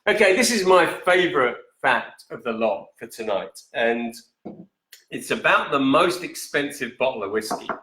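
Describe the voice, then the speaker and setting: A man's voice: mid-range voice, sing-song, moderate pace, sharp tone, roomy sound. A man hosting a live whisky show in a casual chatting way, reading out viewer comments and correcting himself as he goes. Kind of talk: casual live-stream chat. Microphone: camera in front, steps out of frame.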